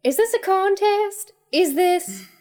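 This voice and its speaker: A woman voicing a gushing, overexcited mother of two with a Southern US accent and a high, drawn-out squeal. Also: sing-song, darkish tone, full character voice. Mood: gushing delight.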